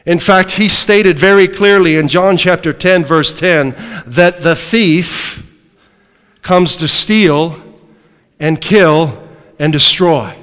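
High-voiced male preacher in echoing hall. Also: slow pace, fairly bright tone, smooth. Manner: emphatic, rhetorical questions to the congregation. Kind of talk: sermon.

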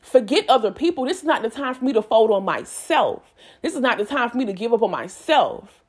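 A woman's voice: on the high side, sing-song, brisk, husky. A woman, giving herself and her listeners an emphatic, repetitive pep talk in a casual vlog. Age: 20s. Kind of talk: motivational self-talk monologue.

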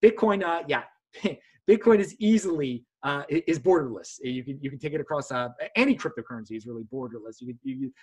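Husky man, animated crypto-channel host. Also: brisk. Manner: animated, mocking impressions in a high voice. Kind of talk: casual chat.

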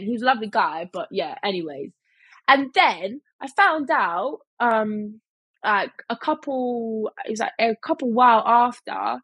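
A young woman tells a casual storytime vlog, packed with fillers and quoting other people in imitation. Her medium-pitched voice is slightly rough, with no room sound, and the recording quality is rough.

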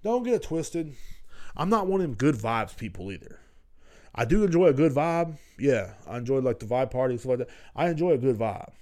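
Mellow-voiced man ranting profanely. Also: medium pitch, animated, brisk. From Texas. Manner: profane, rambling and blunt. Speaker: podcast host. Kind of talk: casual solo podcast rant.

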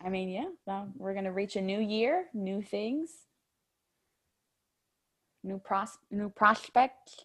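A woman's voice: medium pitch, slow, long pauses. A young woman co-hosting a podcast in casual chat, giggly and laughing often. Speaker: podcast co-host.

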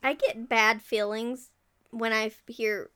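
A woman's voice: a little high, slow pace, a little hiss or hum. A woman from the Southern United States co-hosting a podcast, chatting casually and laughing easily. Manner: giggly, animated storyteller. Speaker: podcast co-host. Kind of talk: casual chat.

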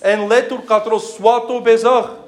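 A man's voice: extremely high pitch, little pitch movement, moderate pace, reverberant, soft background music. A man preaching a sermon who asks repeated rhetorical questions, calls listeners by name and switches between English and another language mid-sentence.

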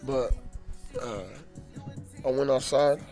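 A young man telling a rambling, profane story in casual slang, growing loud and animated when worked up. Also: medium pitch, slow pace, soft background music.

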